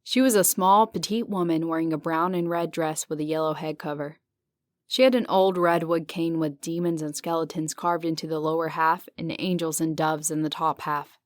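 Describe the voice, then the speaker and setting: A woman narrating a horror audiobook in the first person, measured and descriptive. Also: low-pitched, no room sound. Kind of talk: scripted narration.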